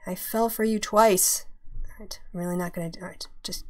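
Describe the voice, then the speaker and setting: A woman's voice: mid-range voice, animated, moderate pace. Opinionated woman hosting a casual stream. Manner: opinionated, chatty, talks while fumbling with tabs. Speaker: podcast host. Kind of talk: casual live-stream chat.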